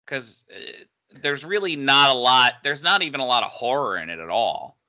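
A man's voice: mid-range voice, animated, moderate pace, bright, forceful tone. A man co-hosting a casual podcast chat, joking and laughing often as he talks about his audio drama project.

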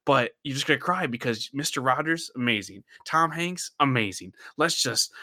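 Young man, podcast host, bright forceful voice, rambling, dry close sound. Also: medium pitch, expressive, normal speed, no room sound. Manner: rambling, laughs often, many fillers. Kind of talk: casual podcast chat.

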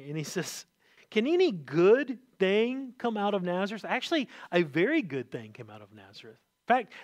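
A man with a high, light voice delivers an animated sermon, repeating words and swinging between quiet asides and loud emphasis. The recording is dry and close, with no room sound.

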